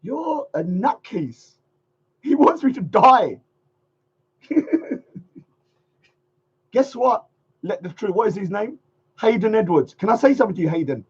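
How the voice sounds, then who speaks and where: A man's voice: sits high, expressive, unhurried, pauses often, husky. A man hosting a livestream, ranting in a mocking, sarcastic way and repeating phrases in a sing-song. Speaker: livestream host. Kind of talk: casual livestream rant. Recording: dull lo-fi stream audio.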